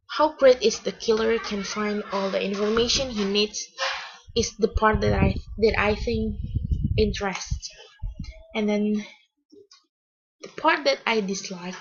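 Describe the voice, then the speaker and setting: A woman talks through a book review slowly, stopping often to search for words and restarting her sentences. Her voice is a little breathy and unhurried. The recording sounds dull and lo-fi. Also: mid-range voice. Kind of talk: casual spoken book review.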